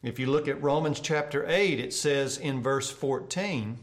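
An earnest male pastor delivers a sermon for a church broadcast. He tells stories at a mid-range pitch and often lets his voice fall quiet and soft for the tender parts. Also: unhurried, hardly any pauses. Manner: earnest storytelling preacher, voice dropping soft for tender moments.

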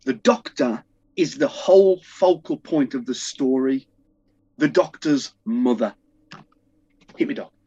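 A man's voice: mid-range voice, animated, measured pace, long pauses, warm tone, husky, no room sound, muffled recording. A man co-hosting a podcast, chatting animatedly with stammering restarts and easy laughter. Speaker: podcast co-host. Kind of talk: casual film review chat.

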